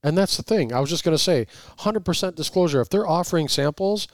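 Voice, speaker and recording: A man's voice: fairly high pitch, lively intonation, no echo. Playful man, dry close mic. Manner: playful, teasing, quick to laugh. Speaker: podcast co-host. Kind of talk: casual chat.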